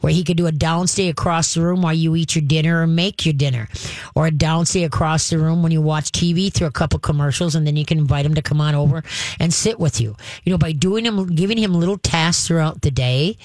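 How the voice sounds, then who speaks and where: An emphatic dog trainer walks an owner through training steps, pausing often to check in and demonstrating growls and firm commands. The recording is dry and close with no room sound, and the pitch sits in a mid range. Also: steady tone, darkish tone, no echo. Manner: emphatic, checks in with frequent "all right?", acts out growls and commands. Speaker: dog trainer giving advice. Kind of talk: advice conversation.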